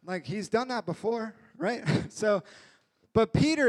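A man preaching a casual, jokey sermon, retelling a story in a lively way with acted-out voices. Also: high-pitched, measured pace.

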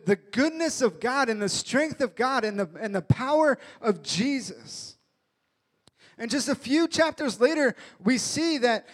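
A man preaching a casual, jokey sermon, retelling a story in a lively way with acted-out voices. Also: very high-pitched.

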